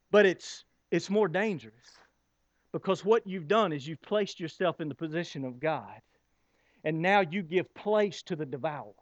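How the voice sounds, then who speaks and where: A man preaches to his congregation in a notably high voice, building his points with rhetorical questions and pauses. The sound is dry and a little dull. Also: no room sound. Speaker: pastor. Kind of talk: sermon.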